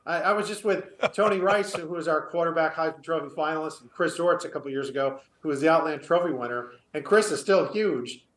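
Ex football player guy as a guest, slightly high voice, echoey room. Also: brisk, hardly any pauses, a bit bright, slight background noise. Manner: earnest, opinionated, storytelling. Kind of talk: casual sports interview.

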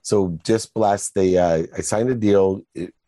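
An older man talks in a very low, mellow voice. He tells his story with earnest, motivational conviction. The recording sounds close and dry. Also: fairly even intonation, measured pace, no echo. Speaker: guest entrepreneur. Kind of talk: casual interview conversation.

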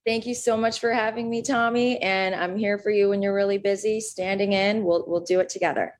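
A woman's voice: medium pitch, fairly even intonation, brisk. A woman comedian from Minnesota, a guest in a casual interview, chatty and rambling.

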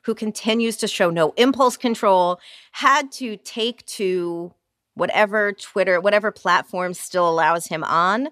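A woman's voice: medium pitch, measured pace, fairly bright tone, smooth, no echo. A woman co-hosting a podcast in casual chat, with dry, teasing humor. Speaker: podcast co-host.

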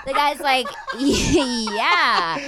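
A woman's voice: high voice, drawn-out words, very noisy. A woman hosting a podcast, telling a story in a gushing, casual way full of "like". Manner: animated, gushing, lots of "like". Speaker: podcast host.

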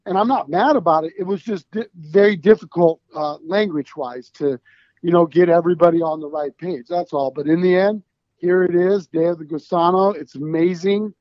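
High-voiced man, rambling and emphatic. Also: moderate pace, no echo, dull audio. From United States. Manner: rambling, emphatic and profane, with restarts. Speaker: band founder, guest. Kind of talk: casual podcast interview.

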